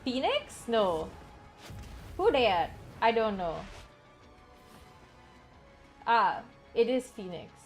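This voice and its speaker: A woman's voice: on the high side, animated, measured pace, soft background music. A woman streaming from home, chatting casually and rambling with many fillers and restarts. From Singapore. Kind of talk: casual live-stream chat.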